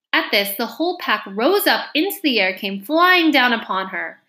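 Storyteller: woman, bright and lively, expressive read-aloud. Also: medium pitch, normal speed.

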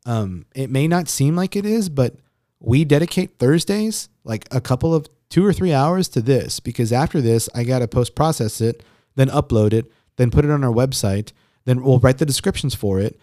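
A man co-hosting a podcast in casual chat, rambling and swearing, quick to laugh. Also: mid-range voice, lively intonation, mellow, dry recording, clean studio sound. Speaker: podcast co-host. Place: home recording room.

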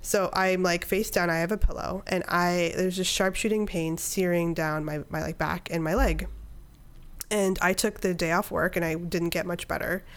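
A woman's voice: lowish voice, steady tone, normal speed. A woman in her thirties, a podcast guest, telling a personal story in casual conversation and acting out her own inner dialogue.

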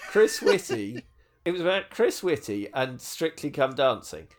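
Man, comedy performer, casual chat, giggly storytelling, lively pitch. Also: unhurried. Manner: giggly, telling an anecdote through laughter.

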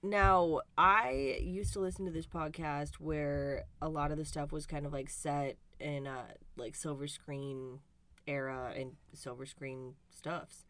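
A woman co-hosting a podcast in casual chat, wry and deadpan, swearing freely. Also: deep voice, measured pace. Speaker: podcast co-host.

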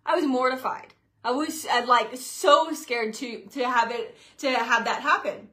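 A woman in her late twenties talking casually to her followers, chatty and expressive, acting out her own past reactions as she tells a personal story. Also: sits high, measured pace. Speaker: social media creator. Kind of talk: casual talking-to-camera vlog.

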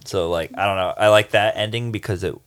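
A man's voice: fairly low pitch, fairly even intonation, fairly quick, a bit bright, clear, resonant tone, no echo. A man hosting a podcast, laid-back and hesitant, with restarts in casual chat. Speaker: podcast host.

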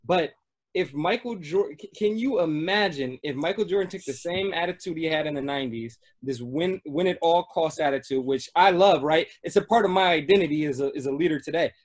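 A man's voice: a little high, fairly quick. A man in a casual chat, arguing his points emphatically. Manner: emphatic, argues in long points.

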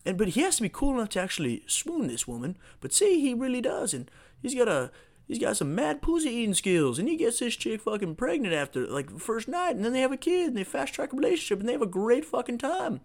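Excitable, cursing guy rambling. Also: very high voice, brisk. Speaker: podcast host. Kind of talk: rambling solo podcast monologue.

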